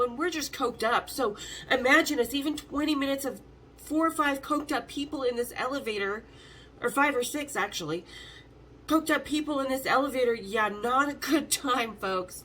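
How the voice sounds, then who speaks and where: Casual storytelling from a host in her fifties, who swears freely and performs the voices of the people she describes with plenty of animation. Her pitch is a little high, and slight background noise is present.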